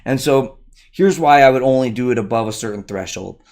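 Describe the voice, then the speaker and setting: A man's voice: medium pitch, brisk, a little mellow. A man hosting a solo livestream, explaining a point as he thinks aloud, with frequent asides and restarts. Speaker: livestream host.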